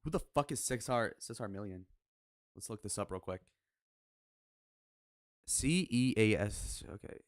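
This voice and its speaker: A man's voice: on the low side, animated, unhurried, pauses often, no echo, studio quality. Brash young man, blunt and profane. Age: 20s. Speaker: streamer reviewing his own speed date. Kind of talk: casual reaction commentary.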